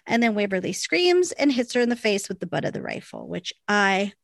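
A woman co-hosting a casual podcast, recapping a TV episode with animated storytelling and quick acted-out lines. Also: mid-range voice, vocal fry, no room sound, clean studio sound. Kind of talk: casual chat.

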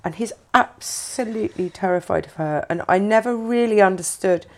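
Chatty woman with a gravelly voice. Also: medium pitch, moderate pace. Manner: chatty, laughs often, animated storytelling. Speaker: podcast host. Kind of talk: casual chat.

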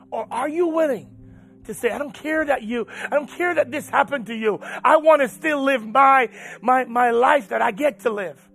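High-pitched guy preaching, gets loud then goes quiet, faint music under it. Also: moderate pace, vocal fry. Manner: preaching with swells from loud urging to hushed storytelling. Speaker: pastor. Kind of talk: sermon.

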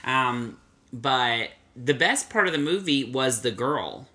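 A young adult man co-hosting a casual movie chat, animated and acting out his own reactions. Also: mid-range voice, slow. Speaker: podcast co-host.

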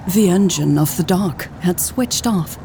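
A woman narrating an audiobook and hosting its podcast in a measured, even storytelling voice. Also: fairly low pitch, a little hiss or hum. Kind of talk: scripted narration.

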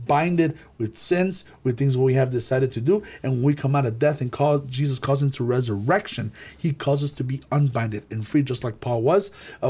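A man leading a group Bible study, preaching with animated energy, often repeating and restarting words. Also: mid-range voice, husky.

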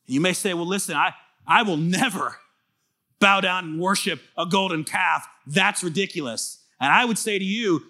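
A man's voice: sits high, moderate pace. A man, a pastor, preaching a conversational sermon, acting out little quoted exchanges as he teaches. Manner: animated, conversational, acts out quoted voices.

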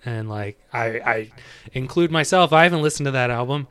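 A man appearing as a guest on a music podcast, telling a story in a relaxed, wry way. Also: medium pitch, brisk, smooth, no echo. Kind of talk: casual chat about music.

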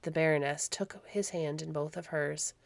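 A woman reading a classic story aloud in a calm, measured storybook narration. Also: sits low, creaky, no room sound. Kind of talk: scripted narration.

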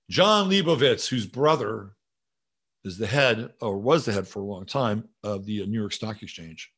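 A man's voice: lowish voice, animated, moderate pace, a bit bright. Rambling, profane male livestream host. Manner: rambling, casual and profane, musing aloud. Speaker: show host. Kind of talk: livestream talk reading viewer comments.

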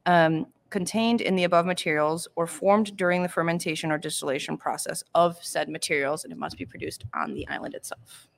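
Creaky-voiced woman podcast co-host. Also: fairly low pitch, lively intonation, brisk. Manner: chatty, self-correcting, laughs often. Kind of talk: casual podcast chat about rum history.

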